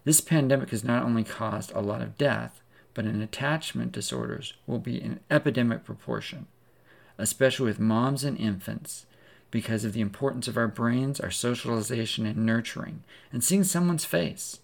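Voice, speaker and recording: A man's voice: medium pitch, moderate pace, gravelly. A man preaching a sermon, retelling a story vividly in the second person as a preacher.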